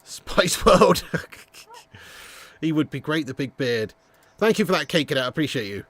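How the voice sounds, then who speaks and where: A man's voice: fairly high pitch, sing-song, moderate pace, a bit bright, no echo. A young man hosting a live football watch-along, blunt and sweary, laughing and reading viewer messages. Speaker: host.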